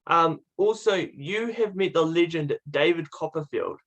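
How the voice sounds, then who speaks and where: A man's voice: on the high side, a little slow, a bit bright. A man hosting a casual interview, upbeat, asking short questions and laughing. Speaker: podcast host.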